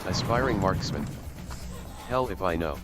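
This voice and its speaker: Very deep-voiced deadpan man. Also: a little slow, over loud music. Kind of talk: casual chat.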